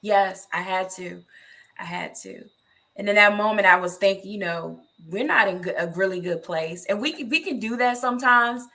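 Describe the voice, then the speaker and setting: A woman's voice: mid-range voice, normal speed, sharp tone. A woman co-hosting a faith talk show, telling a family story earnestly and with feeling. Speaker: co-host. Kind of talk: faith-based casual talk.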